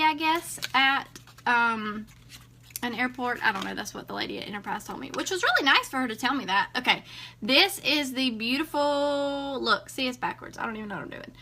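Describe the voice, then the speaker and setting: A young woman from South Carolina with a Southern accent, telling a story in a chatty, animated casual vlog. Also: a little high, slight background noise. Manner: chatty, animated, dramatic retelling. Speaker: vlogger.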